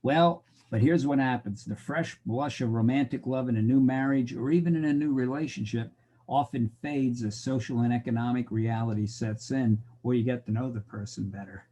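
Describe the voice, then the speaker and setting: A man's voice: medium pitch, normal speed, dark tone. A middle-aged man lecturing a college class in a wry, joking way. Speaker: college instructor. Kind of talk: recorded lecture.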